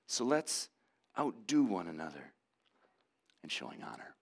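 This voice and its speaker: A man's voice: sits low, very animated, a little slow, gravelly, long pauses. A man in his forties preaching a sermon, mixing earnest teaching with conversational family stories and prayer. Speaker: pastor.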